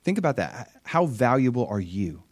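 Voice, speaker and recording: A man preaching a sermon with animated, emphatic delivery and frequent questions to his listeners. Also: mid-range voice, normal speed.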